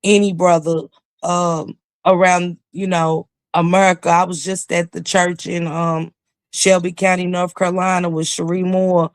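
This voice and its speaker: A woman's voice: fairly low pitch, flat delivery, measured pace, no room sound, clean studio sound. A woman talking as a YouTube commentator in a casual livestream chat, with emphatic, preachy storytelling.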